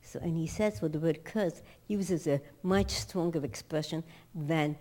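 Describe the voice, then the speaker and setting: A woman's voice: deep voice, a little slow, mellow. A woman teaching a Torah class, telling the story dramatically with emphatic rhetorical questions and acted-out quotes.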